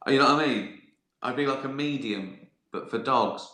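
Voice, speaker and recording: Man, live stream q&a host, jokey, sweary, bright voice, roomy echo. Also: medium pitch, moderate pace. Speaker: host answering viewer questions.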